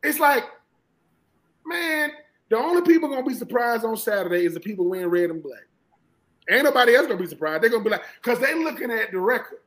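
A man from Georgia with a Southern American accent, a former college football player talking football as a guest in an animated, emphatic way and often repeating himself. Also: high voice, rapid-fire, low-quality recording. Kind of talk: casual sports talk.

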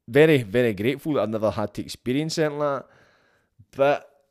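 A man's voice: medium pitch, expressive, fast, a little mellow. A man hosting a solo podcast, talking casually in a blunt, frank way and swearing freely. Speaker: podcast host.

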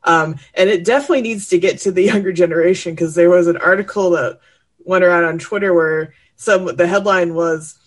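A woman's voice: fairly low pitch, brisk. A woman co-hosting a casual chat show, talking in a rambling, chatty way and laughing often. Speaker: co-host.

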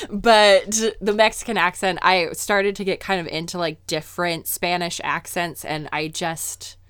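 A woman's voice: lowish voice, fairly bright tone, no echo. A young adult woman co-hosting a podcast, chatting casually with enthusiastic, giggly asides. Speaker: podcast co-host. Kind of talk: casual chat.

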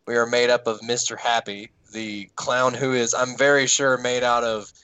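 A man's voice: medium pitch, flat delivery, normal speed, sharp tone, clean tone, dry recording, rough recording. A man with a Southern American accent, a wrestling manager chatting easily as a podcast guest. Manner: easygoing, laughing, drawling asides. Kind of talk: casual podcast chat.

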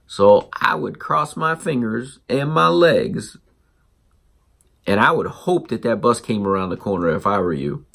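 Man, host, gravelly, animated storyteller, acts out dialogue. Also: fairly low pitch, measured pace. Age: adult parent. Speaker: podcast host. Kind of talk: storytelling monologue.

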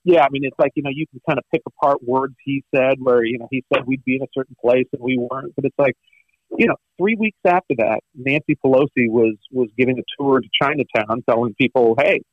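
A man appearing as a guest commentator on a talk show, speaking earnestly and haltingly, with frequent restarts. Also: mid-range voice, no echo, muffled recording. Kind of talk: conversational political talk.

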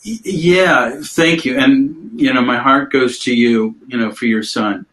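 A man gently guiding a mindfulness practice on a video call, speaking slowly and reflectively and repeating phrases. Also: medium pitch, rough recording. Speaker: mindfulness teacher. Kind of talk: guided mindfulness coaching.

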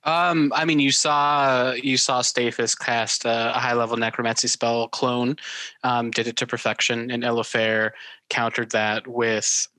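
Hesitant game master with a dry close sound. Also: male voice, mid-range voice, little pitch movement, unhurried, sharp tone, no room sound, low-quality recording. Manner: hesitant, filler-heavy, self-mocking. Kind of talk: casual chat at a tabletop game.

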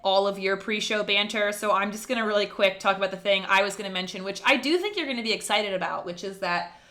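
A young adult woman with a bright, forward voice hosts a podcast with her sister. She talks in a relaxed, rambling way, telling stories with plenty of laughter and quick asides. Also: mid-range voice. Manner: animated, laughs often, rambling storytelling. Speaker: podcast co-host. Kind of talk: casual chat between sisters.

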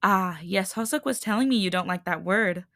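A woman's voice: mid-range voice, normal speed, fairly bright tone, no room sound, clean studio sound, lightly acted. A woman reading a defiant, bitter female hybrid leader in a scornful, clipped voice.

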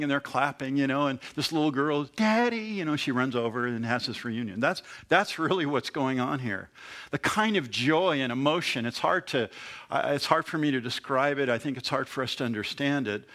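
A middle-aged man, a pastor preaching a sermon in a church, emotional and halting, with many restarts. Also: medium pitch, fairly bright tone.

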